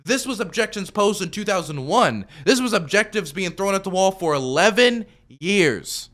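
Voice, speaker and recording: Brief: male streamer with a bright, slightly high voice, rebutting a video in a loose, argumentative way. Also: animated, moderate pace. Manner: argumentative, rebutting with repeated objections; loose, full of fillers and restarts. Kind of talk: commentary.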